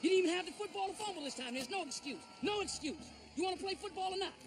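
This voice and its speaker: An actor playing a harsh football coach who barks and yells at a player on the sideline. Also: male voice, very high-pitched, animated, racing, background noise. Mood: furious. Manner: barking, yelling. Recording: film clip with loud music, distant mic.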